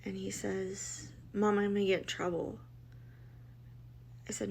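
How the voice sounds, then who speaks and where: Middle-aged mother, personal storytelling, blunt and emotional, mid-pitched voice, restarts often. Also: flat delivery, moderate pace, creaky, a little hiss or hum. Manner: emotional, blunt, quotes others in dialogue, many restarts. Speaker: mother telling her family's story.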